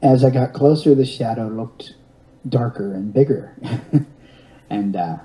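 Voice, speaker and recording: Mellow-voiced man in his fifties spinning a yarn. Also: mid-range voice, measured pace, poor audio. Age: 50s. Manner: rambling with restarts and wry self-mocking humor. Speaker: guest telling a personal story. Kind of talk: storytelling in an interview.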